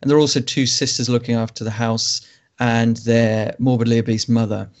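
A man co-hosting a casual film podcast, giving plot summaries in a dry, wry, measured way. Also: medium pitch, level tone, darkish tone. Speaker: podcast co-host.

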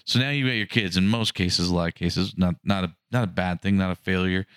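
A man in his forties with a deep, low voice co-hosts a podcast, talking frankly in a loose, rambling way. He is recorded close on the mic in a dry, dead space. His speech is packed with fillers as he works through his points. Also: steady tone, a little fast, fairly bright tone, smooth, no room sound. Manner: rambling, frank, full of "like" and "I mean". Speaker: podcast co-host. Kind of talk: casual chat.

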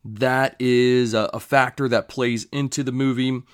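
A man's voice: medium pitch, level tone, a little slow, smooth, no room sound, clean studio sound. A young man reviewing a series in a loose, rambling way, with swearing asides. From United States. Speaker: show reviewer. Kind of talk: casual show review.

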